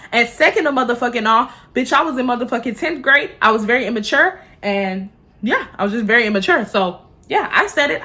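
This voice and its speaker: Bright-voiced young woman ranting a storytime. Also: sits high. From Houston, Texas. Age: 20s. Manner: profane, heated, rapid storytelling. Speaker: vlogger. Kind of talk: storytime vlog rant. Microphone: phone camera.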